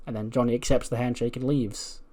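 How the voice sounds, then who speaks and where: A man's voice: mid-range voice, steady tone, fairly quick, warm tone. Guy narrating his wrestling sim save, loose and rambly, swears a lot, lots of you know. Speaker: gaming video creator. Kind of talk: casual game commentary.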